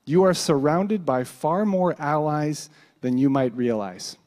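A man with a fairly high voice finishes his speech in an earnest, reassuring way. The sound rings with the long reverb of a big hall. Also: unhurried, a little mellow. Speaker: conference speaker. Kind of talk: closing a speech.

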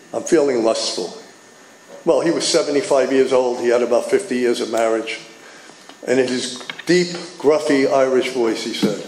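An older man, telling his personal recovery story at a meeting with animated storytelling, acting out the dialogue. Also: medium pitch. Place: meeting hall. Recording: echoey room with faint noise.

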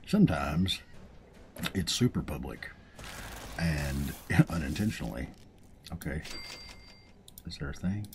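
A man's voice: low voice, background noise. A man with a Southern US accent hosting a let's play, chatting casually and chuckling at his own jokes. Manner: chatty, folksy and self-amused, chuckling often. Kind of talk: casual gameplay commentary.

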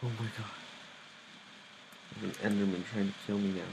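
A man's voice: lowish voice, little pitch movement, moderate pace, background noise. A young man commentating his own live gameplay, easily startled and muttering nervously to himself. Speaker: gamer playing live.

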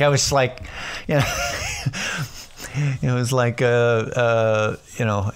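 A man's voice: lowish voice, fairly bright tone, clear, resonant tone. A man hosting a casual solo podcast, telling rambling, profane stories with lots of restarts. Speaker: podcast host.

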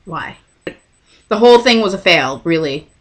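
A young woman vlogger telling a story in a casual, excitable and self-mocking way. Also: lowish voice, moderate pace.

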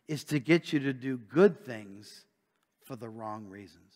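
The speaker is a pastor from the United States preaching in a church sanctuary, where long reverb trails his words. His medium-pitched voice is animated yet slightly slow and a bit mellow as he talks casually and asks rhetorical questions.

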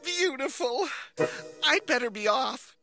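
A woman voicing an excitable male beaver who plays a fairy godfather in a children's cartoon, with theatrical spell-casting. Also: high voice, slow, exaggerated voice. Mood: excited. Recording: music playing under voice.

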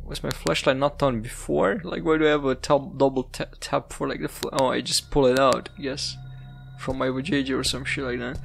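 Young man, gravelly, casual gaming commentary, swearing, faint music behind. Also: mid-range voice, steady tone, a little fast. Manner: rambling, swearing, laughing at the game. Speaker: gaming YouTuber. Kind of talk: casual let's-play commentary.

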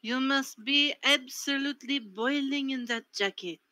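A woman's voice: high voice, a little slow, sharp tone, no room sound. A woman voicing a friendly French woman who runs a market booth, speaking with a French accent. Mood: gracious. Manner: polite, gracious. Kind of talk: tabletop role-play.

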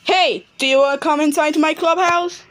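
A woman hosting a homemade kids' show, talking excitedly straight to the children watching. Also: high voice, fairly quick. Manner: excited, talks straight to the kids.

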